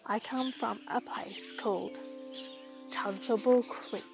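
A woman's voice: fairly high pitch, takes it slowly, gravelly, music in the background. A woman voicing an adventurous little girl in a bedtime story. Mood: excited. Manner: excited, wide-eyed storybook voice.

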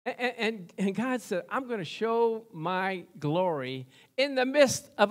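A high-voiced man preaching a sermon. He builds his delivery into excited bursts, calls out for amens and tells stories from his own life. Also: unhurried, few pauses. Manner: rising to excited preaching with call-and-response. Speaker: pastor.

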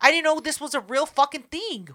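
A young woman telling a story in casual chat, animated and profane, acting out voices. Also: high voice, fairly quick.

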